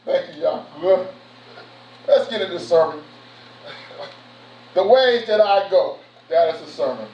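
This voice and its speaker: A man preaching a sermon, animated and conversational with street slang. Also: high-pitched, unhurried, long pauses. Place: church sanctuary. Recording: echoey room from far off, muffled.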